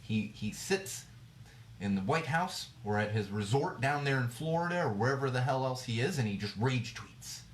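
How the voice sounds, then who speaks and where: A man's voice: mid-range voice, lively intonation, normal speed. Blunt, profane man ranting. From United States. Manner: blunt and profane, many fillers and restarts. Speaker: podcast host. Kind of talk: casual solo rant. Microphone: livestream mic.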